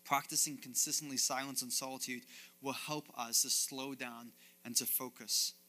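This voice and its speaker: Man, pastor, sermon, bright forceful tone, earnest repeated phrases. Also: mid-range voice, steady tone, moderate pace. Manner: earnest, repetitive preaching cadence. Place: church stage with a band.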